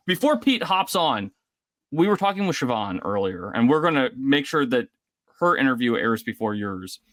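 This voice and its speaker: A man's voice: mid-range voice, a bit bright, no room sound. Chatty male interview host, dry sound. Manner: rambling, lots of "like" and restarts. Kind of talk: casual video interview.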